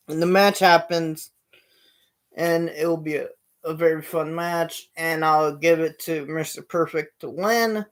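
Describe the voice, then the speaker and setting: A man's voice: on the high side, steady tone, a little slow. A man hosting his own show, telling a long story in a rambling way with many fillers and restarts. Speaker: show host. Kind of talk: casual storytelling.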